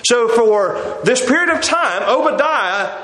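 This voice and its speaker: High-voiced man preaching in an echoing room. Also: takes it slowly. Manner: animated storytelling, acts out the quotes, chuckles. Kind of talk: sermon. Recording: echoey room.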